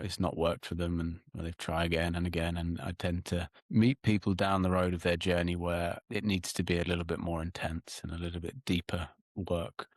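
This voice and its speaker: A man with a very low voice, speaking as a podcast guest in a measured, thoughtful way. He often circles back over his words while he gathers his thoughts. The sound is close and dry. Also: no room sound. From England. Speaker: psychotherapist guest. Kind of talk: reflective interview talk.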